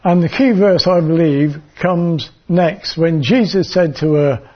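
A man preaching a sermon and reading from the Bible in a measured way, sometimes stumbling and repeating words. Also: a little high, husky, highs cut off.

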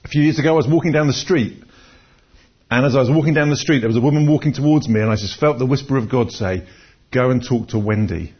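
A man's voice: mid-range voice, quick pace, husky. A man preaching a conversational sermon, telling personal stories and often restarting his words. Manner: conversational, storytelling, repeats words when restarting. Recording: dull lo-fi recording.

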